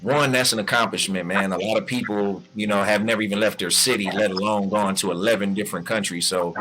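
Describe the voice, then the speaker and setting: A man's voice: lowish voice, steady tone, fast, a crowd in the background, low-quality recording. A man hosting a casual interview, laid-back and encouraging, who calls his guest "man" and "bro". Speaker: interview host.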